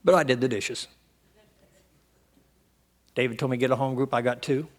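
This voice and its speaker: A middle-aged man from Ohio speaking at a recovery meeting, telling his story in an animated way and acting out the dialogue in voices. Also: mid-range voice, moderate pace. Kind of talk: storytelling talk to an audience.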